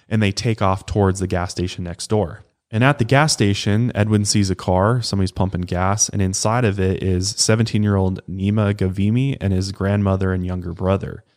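A man co-hosting a podcast, recounting a true-crime case in a loose, conversational way with casual swearing. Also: deep voice. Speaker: podcast co-host.

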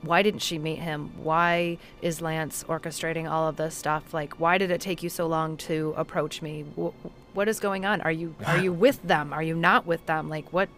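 A woman co-hosting a casual podcast, talking haltingly and firing off questions about a TV episode. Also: sits low, steady tone, fairly bright tone. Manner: halting, restarts, many questions. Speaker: podcast co-host. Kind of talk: casual chat recapping a TV episode.

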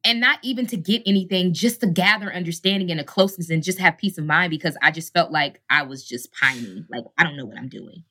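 A woman in her thirties shares her life story as an interview guest. Her voice is bright and ringing, and her delivery is candid and heartfelt, with casual asides to the listener as she goes. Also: on the low side, fast, hardly any pauses. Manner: earnest, heartfelt, peppered with "you know what I'm saying". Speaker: actress and singer, guest.

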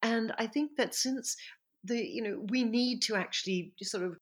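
Woman author as interview guest, husky, reflective and measured, breaks off to correct herself. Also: a little high. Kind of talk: podcast interview answers.

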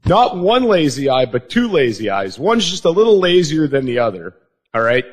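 Wisecracking man with a lively voice. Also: fairly high pitch. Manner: wisecracking, blunt, quick retorts. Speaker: podcast co-host. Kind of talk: crude comedic news chat.

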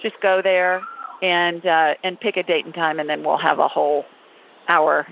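A woman's voice: low-pitched, level tone, moderate pace, gravelly, slight background noise. A woman hosting a call-in psychic show, talking callers through what she does in a reassuring, chatty way. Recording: dull, dry lo-fi call audio.

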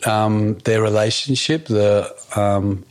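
Low-voiced man, reflective and halting. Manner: reflective and halting, with many fillers. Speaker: guest. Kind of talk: casual conversation.

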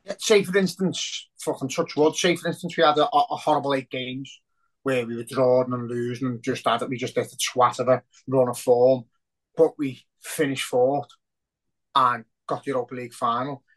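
This is a man chatting casually on a football podcast. He rambles, swears freely and gets excitable, and his voice sits at an ordinary middle pitch. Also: moderate pace, poor audio. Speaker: podcast co-host.

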